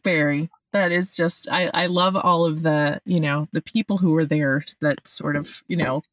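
A woman's voice: low-pitched, fairly even intonation, moderate pace. Woman host sounding a bit distant. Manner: encouraging, lots of affirming murmurs. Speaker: podcast host. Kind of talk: casual interview chat. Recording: dry, slightly distant mic.

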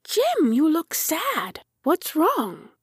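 Woman voicing a gentle old male tractor, soft and plaintive, slow, for a storybook. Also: high voice, huge pitch swings, no room sound, clean studio sound, voice pushed up, full character voice. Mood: worried.

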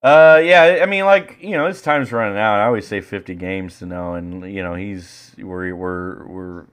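A man co-hosting a casual podcast, talking in a profane, excitable way and breaking into loud rants. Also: lowish voice, normal speed, clean tone. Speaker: podcast co-host.

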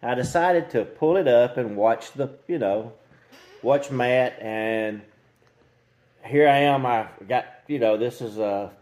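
A man's voice: mid-range voice, slow pace, a little mellow. An older man, a guest, chatting folksily and joking, saying y'all. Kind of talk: casual chat.

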